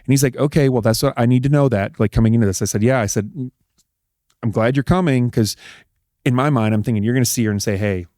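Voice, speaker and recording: A middle-aged man, an interview guest telling a personal story in a casual, animated way and acting out what people said. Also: mid-range voice, fast talker, no echo, studio quality. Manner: animated, acts out quoted dialogue. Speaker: interview guest, husband of a politician.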